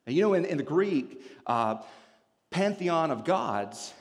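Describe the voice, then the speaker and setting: A man preaching a sermon in a church, telling stories with humor and explaining scripture in an animated way. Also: on the high side, a little slow, big-room sound.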